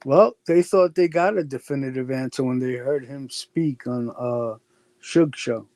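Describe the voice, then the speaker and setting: A man's voice: mid-range voice, a little slow, a little mellow, no room sound. A man in casual chat on a live stream, offhand and matter-of-fact.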